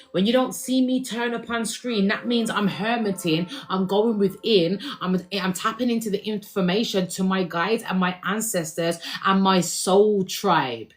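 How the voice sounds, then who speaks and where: A woman in her thirties reads tarot cards for an online audience. She talks in a loose, slangy way, scattering quick check-ins to her listeners through every thought. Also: mid-range voice. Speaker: tarot reader. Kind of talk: casual tarot reading to camera.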